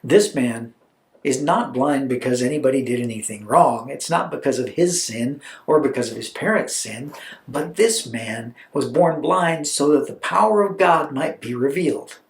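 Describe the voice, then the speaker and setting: A calm, authoritative teacher speaks in a lowered, measured voice, as a preacher acts him out. He talks slowly, and the words carry a roomy echo. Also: vocal fry. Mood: solemn. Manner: slow, low and measured. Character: calm, authoritative Jesus, grown man.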